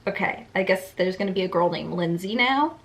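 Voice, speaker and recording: A woman's voice: on the low side, animated, brisk. Young woman, YouTuber, reading aloud, wry asides, self-mocking, stops mid-sentence to comment.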